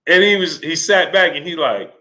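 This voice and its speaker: A man whose voice runs on the high side speaks at a moderate pace as host of a live stream. He greets his audience, reads Super Chats, and animatedly retells stories, laughing and imitating voices.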